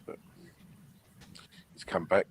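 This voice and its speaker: A man's voice: takes it slowly, dry recording. A man in a casual online group chat, talking in an easygoing, hesitant way.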